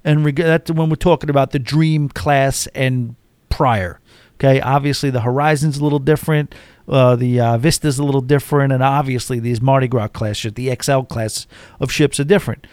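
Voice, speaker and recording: A man's voice: medium pitch, steady tone, moderate pace, a little mellow, dry recording. A man hosting a solo cruise talk show, rambling chattily from one topic to the next. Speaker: cruise podcast host.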